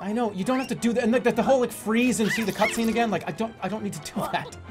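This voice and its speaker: Over loud music, a young man with a high voice fires off rapid commentary while streaming a video game. He laughs often and swears freely, rambling the way casual let's-play videos do.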